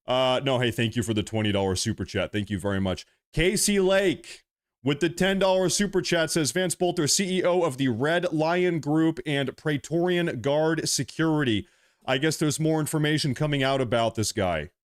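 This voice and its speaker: A man's voice: fairly high pitch, normal speed. A man hosting a live stream, reading super chats aloud and ranting in an agitated, repetitive way full of restarts. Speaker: livestream host.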